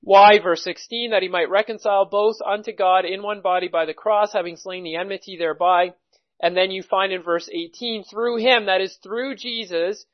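A man preaching a sermon, teaching at a measured pace and reading scripture passages aloud. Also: sits high, lo-fi sound.

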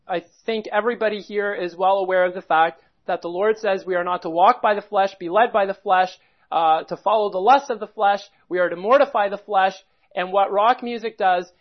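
A man preaching a sermon, reading quotations aloud and commenting on them earnestly, repeating key phrases for emphasis. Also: sits high. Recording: dull lo-fi recording.

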